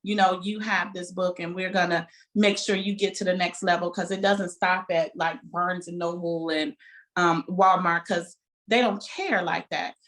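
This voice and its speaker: Woman, bookstore owner, heartfelt and lively interview talk. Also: on the low side, normal speed. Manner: animated, heartfelt storytelling.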